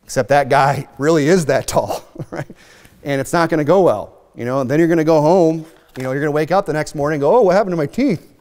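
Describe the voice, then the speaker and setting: A man preaching a sermon in a relaxed, joking way, sometimes mocking other people's voices. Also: on the high side, quick pace. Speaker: pastor. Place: church sanctuary. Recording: long hall reverb.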